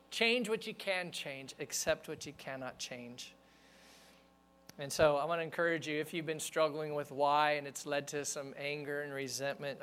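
A man's voice: on the high side, fairly bright tone. A man preaching a sermon as pastor, speaking to the congregation in a conversational, earnest way.

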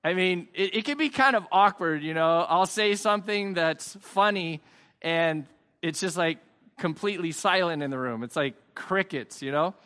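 A man delivers an online sermon in a chatty, joking and earnest way. His voice sits high and bright. A long reverb hangs behind him from the empty hall. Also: normal speed. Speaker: pastor. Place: church hall with no audience.

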